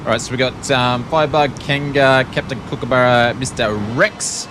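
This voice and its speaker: A man's voice: medium pitch, steady tone, moderate pace, noisy background. An Australian man streaming a flight sim, chatting casually with jokey, rambling, self-deprecating asides. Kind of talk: casual live-stream chat.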